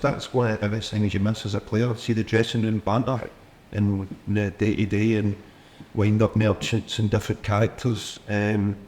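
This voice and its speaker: A man's voice: on the low side, darkish tone, slight background noise. A man with a Scottish accent, a former footballer telling chatty anecdotes as a guest in a casual interview. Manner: chatty anecdotes with laughs and mimicry.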